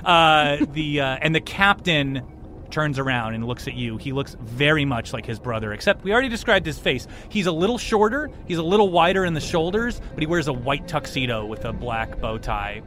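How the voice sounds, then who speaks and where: A man's voice: a little high, expressive, moderate pace, a bit bright, slight background noise. A man narrating as game master for a tabletop game, loose and joking as he describes scenes.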